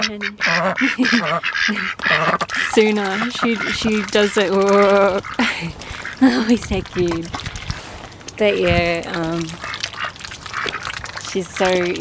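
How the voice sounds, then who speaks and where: A chatty woman rambles along with a slow, unhurried pace, breaking into giggles and fillers. She talks outdoors, and her voice sits over loud quacking ducks and constant noise. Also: mid-range voice. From Australia. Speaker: vlogger. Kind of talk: casual vlog talking to her ducks. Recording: noisy outdoor recording with ducks. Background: loud duck quacking.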